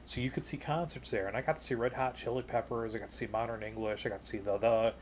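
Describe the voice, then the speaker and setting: A man co-hosting a podcast, relaxed and chatty as he tells a long story, padding his sentences with "you know" and "like". His voice sits in an ordinary middle register. At the exciting beats he leaps upward and gets louder. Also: fast, a little hiss or hum. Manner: jumps higher and louder when retelling excited moments. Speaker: podcast co-host. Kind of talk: casual storytelling chat.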